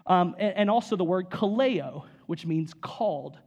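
A man preaching a sermon in an animated, conversational way, with frequent repeats and asides to the congregation. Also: high voice, moderate pace, highs cut off. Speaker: pastor.

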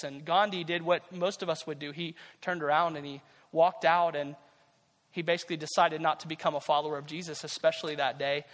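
A man's voice: a little high, fairly even intonation, a little fast, fairly bright tone, in a large hall. A man preaching a sermon as pastor, conversational and repeating key phrases for emphasis.

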